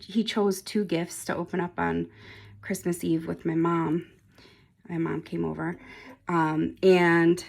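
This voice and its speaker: A woman in her forties with a low-ish, gravelly, darkish voice, vlogging about nail polish. She rambles casually and chattily to camera, with lots of ums and frequent laughter.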